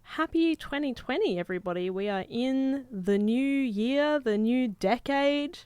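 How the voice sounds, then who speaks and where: A woman co-hosting a radio show, bubbly and quick with jokes. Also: a little high, animated, darkish tone, clear, resonant tone, no room sound, studio quality. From Australia. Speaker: co-host. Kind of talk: casual chat. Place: radio studio.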